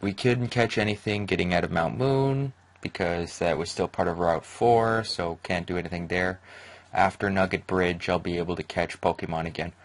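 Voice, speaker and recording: Low-voiced man narrating his gameplay. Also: moderate pace, poor audio. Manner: rambling, excitable reactions. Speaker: let's play host. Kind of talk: gaming commentary. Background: game music.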